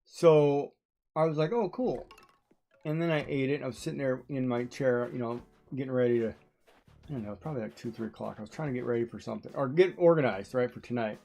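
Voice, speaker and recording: A woman's voice: very deep voice, fast talker, vocal fry, dark tone. Chatty woman telling stories while streaming. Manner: chatty storytelling, laughing often. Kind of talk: casual chat while playing a game.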